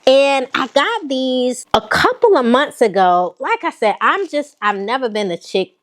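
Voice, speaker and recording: A woman's voice: high-pitched, unhurried. A woman with a Southern accent, chatting casually and sassily to her viewers while showing off a fashion haul. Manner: sassy, animated, talks straight to viewers. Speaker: fashion vlogger.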